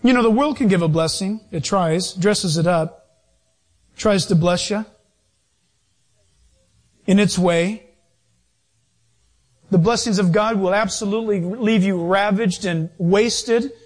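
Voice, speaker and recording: A man preaching a sermon in a lively, animated way, acting out voices as he goes. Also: high voice, slow, pauses often. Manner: animated, acts out voices and quotes.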